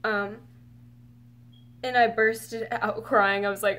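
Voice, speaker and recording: A woman's voice: fairly high pitch, flat delivery, unhurried, long pauses, fairly bright tone. A woman telling a personal story in a casual, rambling way with many fillers, close to tears and emotional. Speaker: fan telling her story.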